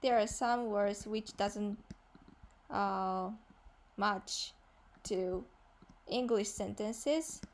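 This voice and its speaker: A woman's voice: medium pitch, very slow, long pauses. A woman with a Japanese accent, a native Japanese speaker, teaching a beginner Japanese lesson in English. She explains patiently with many fillers and repeats example sentences. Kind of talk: online language lesson.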